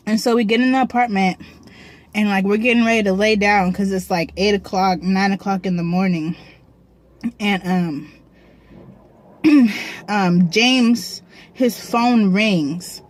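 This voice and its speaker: A young woman vlogger telling a story in a casual, profane, slangy way, often clearing her throat, from a parked car. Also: medium pitch, a little slow, pauses often.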